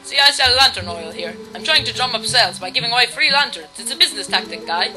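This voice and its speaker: A woman's voice: fairly high pitch, lively intonation, fast, natural voice, poor audio. A woman voicing a chatty young male lantern-oil seller who talks in a folksy sales patter, with game music behind her. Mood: salesy.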